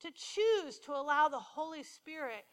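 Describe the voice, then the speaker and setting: High, slow-preaching woman in echoey hall. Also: animated. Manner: playful, asks the congregation questions. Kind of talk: sermon.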